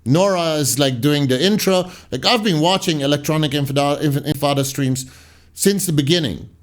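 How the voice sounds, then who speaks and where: A man's voice: on the high side, moderate pace. Man rambling through viewer comments. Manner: rambling, sarcastic asides, drops to mutters. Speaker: commentary channel host.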